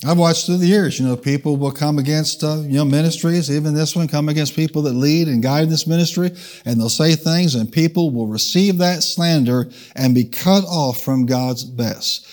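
A man's voice: a little high, moderate pace, a little mellow. A man preaching a sermon, leading the congregation in call-and-response and changing his pace for emphasis. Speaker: pastor. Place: church.

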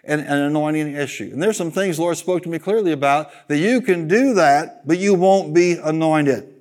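Man preaching an animated sermon. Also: on the high side, moderate pace. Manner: animated preaching with call-and-response, jokes and sung asides. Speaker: pastor.

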